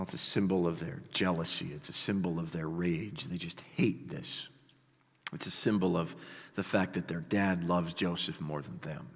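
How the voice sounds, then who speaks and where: A male pastor preaching a sermon with animated storytelling and casual asides to the congregation. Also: sits low. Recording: long hall reverb.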